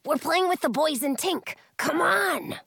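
A woman's voice: high voice, lively intonation, unhurried, gravelly, a bit bright, no echo, studio quality, pitched above the performer's own voice, heavily acted. A woman voicing a big, friendly dragon who speaks in a cheerful voice.

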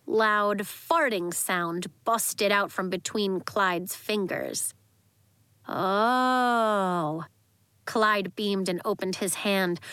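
A woman narrating a children's story in a lively, expressive way. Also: medium pitch, no room sound. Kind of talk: audiobook narration.

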